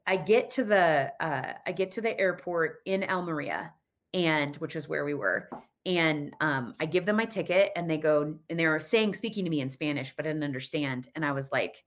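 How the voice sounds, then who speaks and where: Brief: thirties woman, lowish pitch, animated storyteller who acts out the voices. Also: moderate pace. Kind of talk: personal storytelling.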